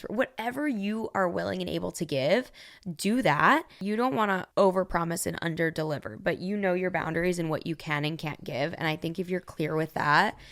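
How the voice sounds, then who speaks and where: A young woman with a slightly low voice co-hosts a relaxed podcast. She backs up her partner's advice with supportive, agreeing remarks and quick asides. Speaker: podcast co-host. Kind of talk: casual advice chat.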